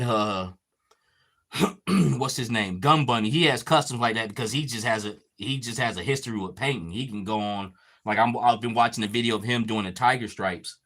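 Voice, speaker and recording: Swearing a lot and reading chat comments, a podcast host chats casually as he paints a figure, keeping it laid-back. His voice is mid-range and a bit bright.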